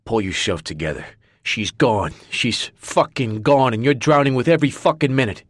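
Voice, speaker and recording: A man voicing a blunt, loyal young friend who talks harshly and swears loudly. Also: mid-range voice, moderate pace, dry recording, clean studio sound, close to an everyday voice. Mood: firm.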